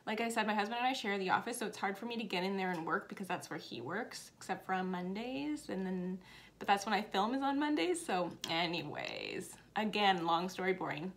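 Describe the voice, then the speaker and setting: A woman in her thirties talks casually to her viewers about cross stitch from her home office. She rambles through side stories and pokes fun at herself, her voice sitting in an ordinary middle pitch. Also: sing-song, brisk. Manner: rambling, self-deprecating, chatty asides. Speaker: cross stitch video host. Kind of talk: casual chatty vlog.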